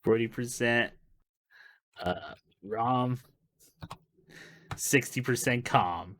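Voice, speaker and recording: A man's voice: mid-range voice, extremely slow, a bit bright. A man co-hosting a casual movie podcast, telling stories with laughter and swearing. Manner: laughing, profane storyteller. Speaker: podcast co-host. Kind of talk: casual movie-review chat.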